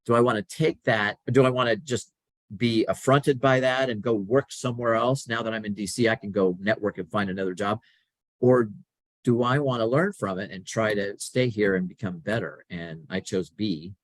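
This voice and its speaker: Middle-aged male guest, lowish voice, dry close mic, lively storyteller. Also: normal speed, no echo. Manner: animated, acts out quoted dialogue. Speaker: podcast guest. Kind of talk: conversational storytelling.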